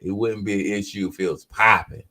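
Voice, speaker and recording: A man's voice: lowish voice, steady tone, brisk, sharp tone. Laid-back slangy man hosting a podcast. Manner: laid-back, slangy, chatting with live commenters; closes with an upbeat pep talk. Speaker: podcast host. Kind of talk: casual talk to viewers.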